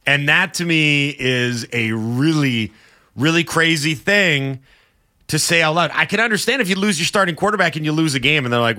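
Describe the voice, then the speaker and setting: A man's voice: a little high, animated, moderate pace, bright, forceful tone. A man co-hosting a sports radio show, arguing his points with passion and emphasis. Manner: impassioned, argumentative, emphatic. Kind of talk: sports talk debate.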